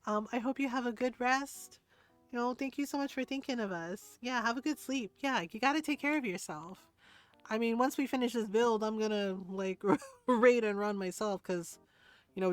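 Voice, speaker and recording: A woman streamer chatting casually while she plays a building game, rambling through stories and laughing often. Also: a little high. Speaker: livestreamer.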